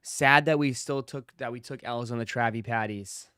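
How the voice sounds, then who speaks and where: A man's voice: mid-range voice, normal speed, sharp tone, clear, resonant tone, no echo, studio quality. A man hosting a casual livestream, talking straight to his chat viewers and repeating phrases for emphasis. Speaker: livestream host.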